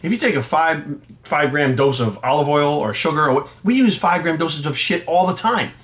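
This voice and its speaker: A man's voice: on the high side, normal speed. Blunt, profane man ranting to camera. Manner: blunt, profane, animated storytelling. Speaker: fitness coach and vlogger.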